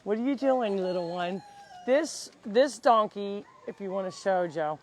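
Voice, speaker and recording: Speaking into a handheld mic outdoors on a farm, a woman who runs an animal sanctuary leads a live tour in a medium-pitched, expressive, unhurried voice with a darkish tone. She chats casually and coos baby-talk at the animals.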